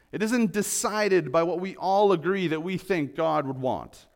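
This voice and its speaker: A man preaching a sermon, explaining a passage earnestly and conversationally with some restarts. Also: fairly high pitch. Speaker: pastor.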